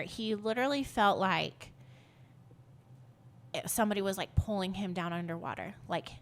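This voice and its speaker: A woman's voice: mid-range voice, pushed and bright. A woman guest on a podcast, telling a personal story in a loose, rambling way, full of fillers and laughs. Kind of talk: casual storytelling.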